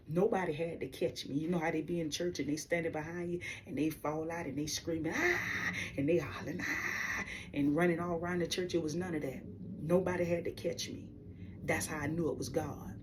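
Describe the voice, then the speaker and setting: A woman's voice: low-pitched, a little mellow, distant mic, slight background noise. A woman sharing a personal faith testimony to her viewers in a candid, slangy way, talking straight to them.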